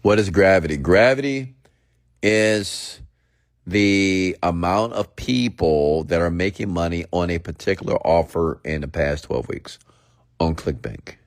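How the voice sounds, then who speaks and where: Host, male, very low voice, loose unscripted rant, dry close sound. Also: a little slow, no echo. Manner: casual, repetitive, peppered with "okay?" and "get it?". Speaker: online marketing host.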